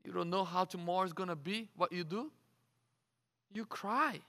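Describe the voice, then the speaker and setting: A man's voice: sits high, normal speed, bright, forceful tone, big-room sound. A man preaching a sermon. He asks rhetorical questions and often repeats his words.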